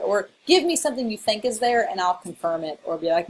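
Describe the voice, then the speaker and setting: A woman's voice: mid-range voice, very animated, normal speed. Woman, southern illinois accent, college lecture, chatty, playful asides, faint background hiss. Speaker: college English instructor. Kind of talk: recorded lecture.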